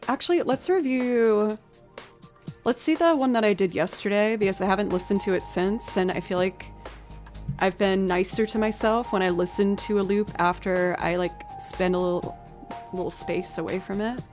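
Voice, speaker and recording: Chatty woman livestreaming with faint music behind. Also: mid-range voice. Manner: chatty, self-deprecating, thinking aloud. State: bronchitis. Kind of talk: casual livestream chat.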